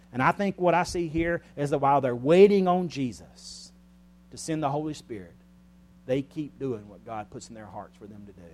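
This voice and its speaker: A man preaching a sermon in a church, speaking earnestly, rising loud and then dropping soft and quiet. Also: medium pitch.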